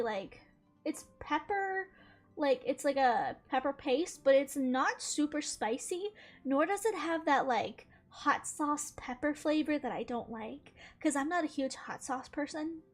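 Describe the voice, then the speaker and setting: A woman's voice: sits high, animated, unhurried, soft background music. A woman streaming a video game, chatting casually and laughing often as she talks. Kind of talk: casual live-stream chat.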